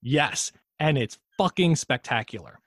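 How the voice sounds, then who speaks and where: A man's voice: medium pitch, big pitch swings, measured pace, fairly bright tone, slightly rough, no echo, studio quality. Rambling, profane male podcast co-host. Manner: rambling, profane, admits his own tangents. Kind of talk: casual chat.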